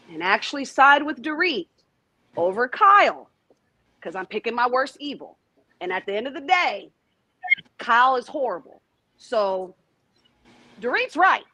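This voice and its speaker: A woman's voice: a little high, bright, forceful tone, dry recording, poor audio. A woman on a video-call review panel, bold and dismissive with playful jabs. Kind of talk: casual review chat.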